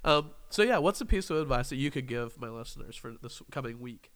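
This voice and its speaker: A man's voice: mid-range voice, animated, fairly quick, fairly bright tone. A young man hosting a casual interview podcast, joking, rambling and laughing often. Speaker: podcast host.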